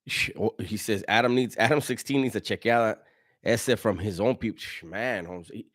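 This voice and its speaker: A man's voice: fairly low pitch, normal speed, a bit bright. A man hosting a casual livestream, reading chat messages in a slangy way, laughing often and stumbling over his words.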